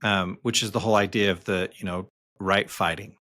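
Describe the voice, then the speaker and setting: A man, a therapist co-hosting a podcast, speaking in a loose, relaxed way with lots of fillers. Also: low-pitched, a little fast, no room sound. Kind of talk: casual podcast discussion.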